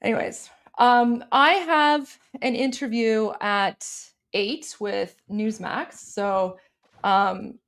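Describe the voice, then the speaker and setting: A woman with a high voice co-hosts a political talk show. She is indignant and sarcastic and doubles up words as she gets heated. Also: steady tone, slow pace, a bit bright. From Canada. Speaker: political commentator and co-host. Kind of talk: casual political chat.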